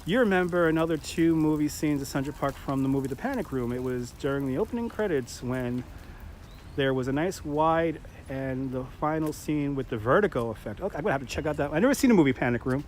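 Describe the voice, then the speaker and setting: A talkative man with a New York accent and a somewhat high voice hosts a live walking tour, joking and greeting viewers as he strolls. He is recorded outdoors on a handheld mic, with faint city noise behind him. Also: fast talker, darkish tone. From Brooklyn, New York. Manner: chatty, jokey, laughs often, greets viewers. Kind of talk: casual live-stream tour narration.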